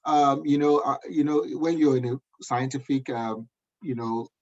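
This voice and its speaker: The speaker is a man in his thirties with a Nigerian accent, his mid-range voice a little mellow at normal speed. He's a guest giving an emphatic motivational talk and frequently checks understanding with "do you understand?" Audio quality is dull and lo-fi.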